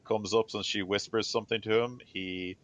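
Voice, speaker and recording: A man narrating as game master in a tabletop game, relaxed and hesitant, with many fillers. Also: fairly low pitch, moderate pace.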